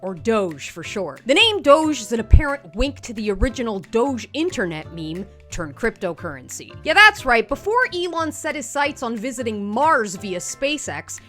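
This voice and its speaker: A woman's voice: on the high side, big pitch swings, normal speed, few pauses, a bit bright, soft background music. A woman hosting a satirical comedy show, delivering scripted commentary in a sarcastic, punchy way.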